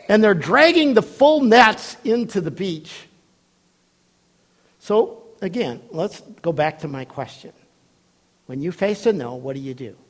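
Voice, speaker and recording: A man preaching a sermon in a high voice that swoops widely up and down. He tells the story with acted-out voices and laughs along the way. He shifts from loud calls to hushed, low asides. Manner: animated storytelling, acting out voices, laughs often.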